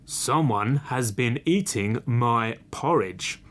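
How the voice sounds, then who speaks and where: A man voicing a big, gruff father bear with slow, booming lines while reading a storybook. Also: lively intonation.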